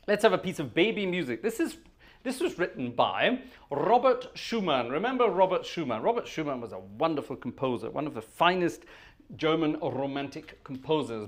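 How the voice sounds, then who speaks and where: A middle-aged British man with a posh accent, hosting a relaxed organ music livestream in a rambling, chatty way and chuckling at his own asides. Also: medium pitch. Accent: posh British English. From Britain. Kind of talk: casual livestream chat between organ pieces. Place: organ room.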